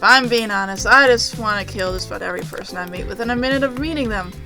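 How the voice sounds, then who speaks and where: A woman voicing a brooding, murderous male trapper who talks in a gruff, boastful, threatening way. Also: medium pitch, quick pace, music in the background, close to an everyday voice. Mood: menacing, boastful.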